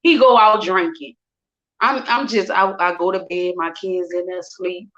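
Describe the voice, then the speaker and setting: Woman, emotional storytelling, quotes people in changing voices, bright tone, muffled lo-fi sound. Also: on the low side, moderate pace. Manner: animated, acts out quotes in different voices. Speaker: guest sharing her story. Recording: dull lo-fi recording.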